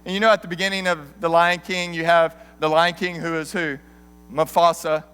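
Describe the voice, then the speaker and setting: A man in his thirties preaching a sermon as an animated, joking storyteller. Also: a little high, moderate pace, clear, resonant tone. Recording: long hall reverb.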